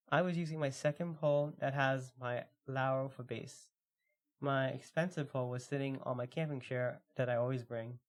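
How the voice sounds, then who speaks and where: A man co-hosting a podcast, chatting casually and reading stories aloud at a slow, relaxed pace with lots of fillers. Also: mid-range voice. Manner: relaxed, filler-heavy, reads stories slowly. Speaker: podcast co-host.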